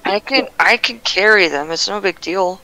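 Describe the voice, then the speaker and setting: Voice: mid-range voice, moderate pace, pushed and bright, poor audio. A player in a tabletop game who stammers and restarts sentences.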